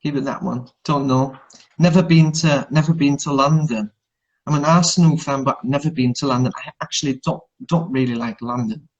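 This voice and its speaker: A man's voice: medium pitch, normal speed, highs cut off. Sex: man. Native: Hungarian. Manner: eager. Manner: enthusiastic, repeats words. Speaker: host, English teacher. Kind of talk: casual chat.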